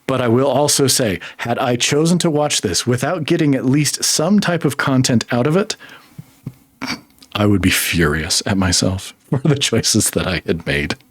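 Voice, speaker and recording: A man's voice: mid-range voice, animated, moderate pace, no room sound, studio quality. A man co-hosting a podcast, giving an emphatic, exasperated film review with frequent laughter. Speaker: podcast co-host. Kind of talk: casual film review chat.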